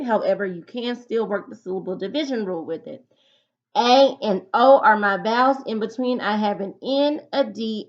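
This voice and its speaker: A woman's voice: mid-range voice, dull audio. A woman teacher giving a recorded phonics lesson, dictating words patiently and explaining spelling rules. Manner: slow, patient dictation with example sentences.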